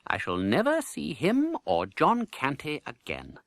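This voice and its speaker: A man's voice: on the high side, wildly swooping pitch, a little slow, fairly bright tone, no echo, studio quality, pitched above the performer's own voice, heavily acted. A man doing a haughty boy king. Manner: haughty, insistent.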